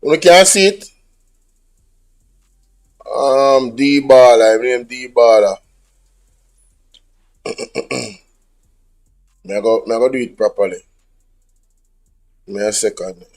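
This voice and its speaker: A man with a Jamaican accent talking haltingly as a podcast guest while fiddling with his phone. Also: medium pitch, soft background music. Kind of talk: casual chat.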